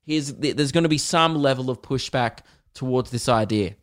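A young man hosts a podcast with a casual comedic monologue, rambling crudely, cracking jokes, and acting out little scenes. His voice is medium-pitched at a normal speed.

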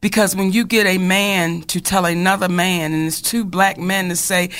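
A woman co-hosting a call-in talk show, lively and emotional and quick to laugh. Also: mid-range voice.

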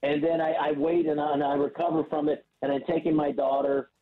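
Male guest, raised pitch, rambling storyteller who stammers, heard over a thin phone-like line. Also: sing-song, brisk, creaky. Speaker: podcast guest. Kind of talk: casual storytelling.

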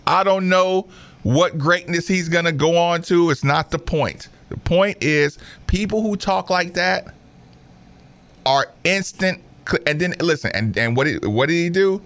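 A man hosting a basketball podcast, talking in an animated, emphatic way, repeating himself and mimicking players. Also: a little high, unhurried. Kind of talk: casual opinionated commentary.

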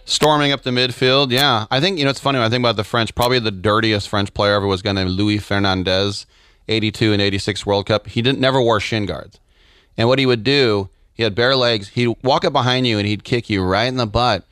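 Male soccer analyst, low resonant voice, wry storyteller. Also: steady tone, brisk, a bit bright, smooth, no room sound, clean studio sound. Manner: anecdotal storyteller, wry humor. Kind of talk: casual sports talk.

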